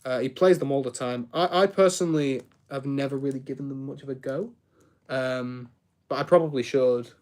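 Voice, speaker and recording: A man's voice: mid-range voice, normal speed, a little mellow. A young man chatting casually on a live stream while he builds, rambling, reacting to chat and tripping over his words.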